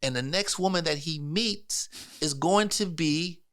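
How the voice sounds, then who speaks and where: A man, a podcast guest, telling a personal story in casual talk, getting emotional and quoting others in a soft low voice. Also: a little slow.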